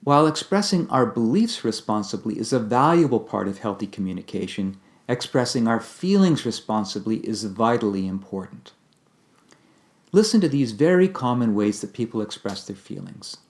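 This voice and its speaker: A man giving a calm, measured instructional talk on communication, explaining ideas step by step. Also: on the low side. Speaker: communication teacher.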